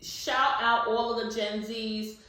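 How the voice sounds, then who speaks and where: A woman in her fifties co-hosting a podcast, talking loudly and bluntly with plenty of swearing in a casual political discussion. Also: a little high, flat delivery, slow pace. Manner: loud, blunt and profane. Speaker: podcast co-host. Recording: echoey room, distant mic.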